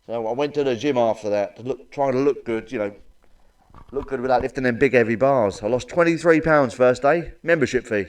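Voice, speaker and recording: A middle-aged man telling crude stand-up one-liners. His delivery is blunt and deadpan, at an ordinary pitch, with a lot of swearing between the punchlines. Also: brisk, far from the mic. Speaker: stand-up comedian.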